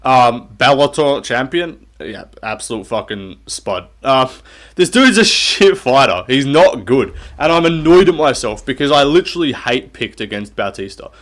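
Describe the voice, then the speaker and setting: A young man talking through a fight card recap in a casual, offhand way. He is blunt and sarcastic and swears constantly, with a voice of ordinary middle pitch. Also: expressive, moderate pace, fairly bright tone. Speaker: MMA recap host.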